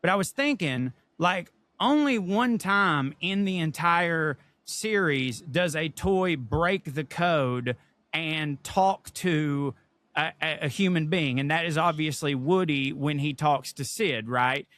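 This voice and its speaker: A man co-hosting a podcast in casual chat, animated and profane, slipping into put-on voices for quotes. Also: on the high side, slow pace, no echo. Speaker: podcast co-host.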